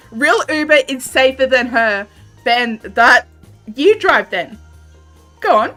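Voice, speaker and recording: A woman's voice: sits high, bright, forceful tone. An Australian woman streaming a game, chatting casually with viewers, laughing often and swearing a little. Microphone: desk microphone.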